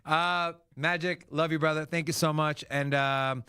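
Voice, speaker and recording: Dry-voiced excitable crypto host guy. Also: a little high, unhurried, clean tone, dry recording. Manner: casual, excitable, swears freely. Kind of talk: livestream market commentary.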